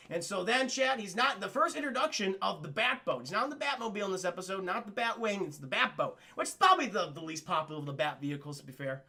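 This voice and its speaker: High, gravelly-voiced male streamer. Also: animated, bright, forceful tone. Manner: rambling, profane, addresses chat; acts out characters in quick voices. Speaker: streamer reviewing a cartoon. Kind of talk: casual livestream recap.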